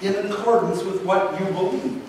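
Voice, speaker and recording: A man preaching a sermon in a church, unhurried, with dramatic pauses and rhetorical questions. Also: high voice, a little mellow, slight background noise. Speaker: pastor. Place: church sanctuary. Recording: echoey hall from far off.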